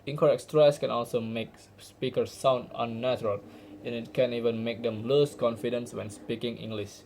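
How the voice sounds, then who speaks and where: A man's voice: mid-range voice, fairly even intonation, normal speed, darkish tone, slight background noise, poor audio. A young man, a university student from Indonesia, giving an earnest class presentation with small restarts. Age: young adult.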